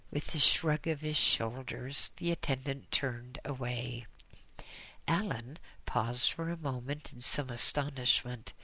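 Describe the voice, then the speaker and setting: A man narrating a story aloud in a slow, measured storytelling manner. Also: mid-range voice, creaky, bright, forceful tone. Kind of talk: audiobook narration.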